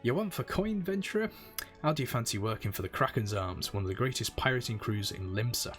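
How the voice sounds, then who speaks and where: A man's voice: mid-range voice, lively intonation, brisk, a bit bright, faint music behind, natural voice. A man voicing a brash male pirate recruiter in a put-on pirate accent, reading game dialogue aloud. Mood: swaggering.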